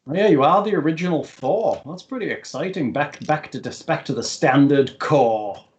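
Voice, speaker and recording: A man's voice: fairly high pitch, lively intonation, moderate pace, highs cut off. A man narrating as game master for a tabletop game, casual and chatty, leaning on filler phrases. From not from Texas. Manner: leans on filler phrases like "ultimately".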